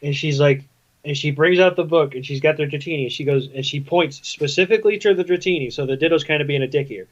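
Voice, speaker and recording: A man's voice: a little high, fast talker, muffled recording. A man co-hosting a podcast, casually recapping a cartoon episode in a laid-back storytelling way. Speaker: podcast co-host.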